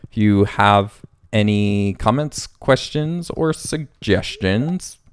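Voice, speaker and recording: A man's voice: fairly low pitch, lively intonation, slow, smooth, no room sound, studio quality. A man hosting a casual let's play, rambling and thinking aloud as he plays. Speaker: gaming channel host.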